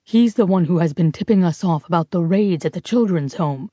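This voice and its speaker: Brief: narrator voicing a gentle male priest, hushed and calm, dull dry recording. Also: on the low side, fairly quick, dry recording, natural voice. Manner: gentle, reassuring. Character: kind, calm older French priest.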